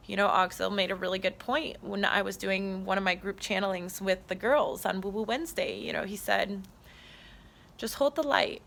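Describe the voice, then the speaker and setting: Woman, spiritual vlogger; earnest, heartfelt delivery, bright tone with a gravelly edge, phone mic outdoors. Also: mid-range voice, little pitch movement, a little fast, hardly any pauses. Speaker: spiritual channeler. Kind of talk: casual spiritual vlog. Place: outdoors on a trail.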